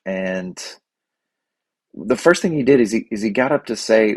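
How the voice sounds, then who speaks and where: A man hosting his own podcast, talking through his thoughts off-script in an earnest, halting way with many restarts. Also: lowish voice, expressive, no echo. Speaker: podcast host. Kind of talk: unscripted reflective monologue.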